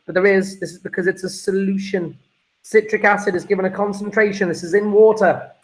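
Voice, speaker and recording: A man's voice: high voice, fairly even intonation, brisk, low-quality recording. A man talking through a chemistry exam paper as a teacher, chatty and calling his students guys and folks.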